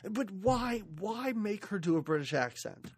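A woman's voice: mid-range voice, animated, measured pace, husky, no room sound. A woman co-hosting a casual movie podcast, wry and incredulous, often laughing as she talks. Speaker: podcast co-host.

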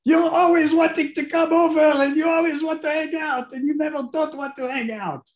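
A man putting on an exaggerated impression of an Israeli father yelling at his child in a mocking, nagging way. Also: very high voice, steady tone, moderate pace, echoey room, pitched above the performer's own voice. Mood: mocking scolding. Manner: shouting, exaggerated mocking nag.

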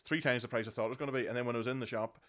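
A man's voice: medium pitch, fairly even intonation, racing, fairly bright tone. A man in his thirties with a South Armagh accent, a podcast guest chatting casually with dry, self-deprecating humour. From South Armagh, Northern Ireland.

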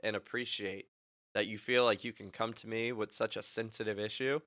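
A young man co-hosting a podcast, chatting casually and telling animated stories with lots of laughter and acted-out quotes. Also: on the low side, normal speed, dry recording, studio quality. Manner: laughs often, animated storytelling with voiced quotes. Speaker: podcast co-host. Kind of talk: casual chat.

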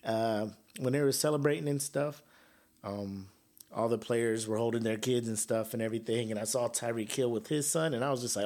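A man's voice: mid-range voice, fairly quick, darkish tone. A man hosting a casual solo podcast, joking and trash-talking with frequent laughs. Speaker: podcast host.

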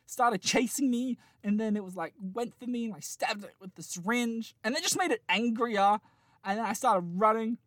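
A man's voice: sits high, normal speed, fairly bright tone, no room sound, studio quality. A man in his late twenties chatting casually, telling a long rambling dream with lots of laughter and restarts. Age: late 20s. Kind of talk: casual chat, dream storytelling.

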